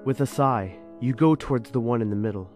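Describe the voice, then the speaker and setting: A man's voice: brisk, a little mellow, faint music behind. A man narrating a horror story in a grand, ominous storyteller voice. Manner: booming ominous narrator voice that turns flustered. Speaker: narrator in a comic audio story.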